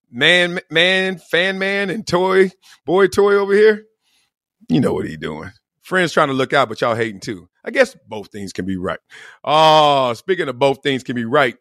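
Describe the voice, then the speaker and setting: Animated joking man hosting a podcast. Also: on the high side, no echo, clean studio sound. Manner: animated, laughing, acts out quotes in voices. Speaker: podcast host. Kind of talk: casual comedic monologue.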